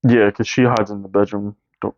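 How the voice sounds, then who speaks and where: A man co-hosting a podcast, chiming in with quick, profane jokes and short interjections in casual movie talk. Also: lowish voice, little pitch movement, a little mellow, a little hiss or hum. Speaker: podcast co-host. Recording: dry, dull lo-fi podcast audio.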